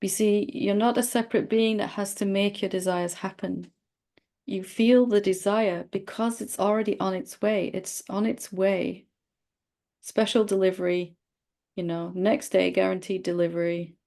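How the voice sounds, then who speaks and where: Middle-aged woman teacher with a husky fry in her voice, gentle and teasing in a satsang dialogue. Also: medium pitch, steady tone, moderate pace. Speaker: spiritual teacher.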